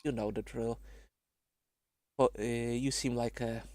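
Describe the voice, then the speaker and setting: Halting, slow-talking man running a game. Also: medium pitch, little pitch movement, darkish tone, dry recording, clean studio sound. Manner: halting, many fillers. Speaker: game master. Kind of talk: narrating a tabletop game.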